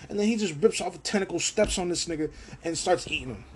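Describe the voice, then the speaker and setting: A man hosting a casual solo podcast from his own room, rambling, swearing and animated. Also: sits high, fast, slightly rough. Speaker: podcast host.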